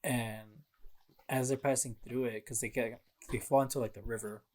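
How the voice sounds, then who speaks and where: A man's voice: medium pitch, steady tone, moderate pace, a little mellow, a little hiss or hum. A man co-hosting a casual podcast, talking through a video game with lots of fillers and laughs. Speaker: podcast co-host.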